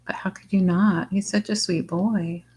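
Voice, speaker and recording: A woman's voice: fairly even intonation, normal speed, very noisy. A woman hosting a casual crafting livestream from home, chatting with viewers and talking to her dog in baby talk now and then. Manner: slips into high baby talk with her dog, drops to soft whispers.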